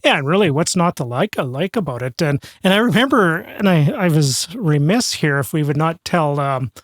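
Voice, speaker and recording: An upbeat male podcast host with a fairly high voice and dry, close sound. He chats casually and nudges his guest along in halting phrases. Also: animated, no echo. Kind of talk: casual interview chat.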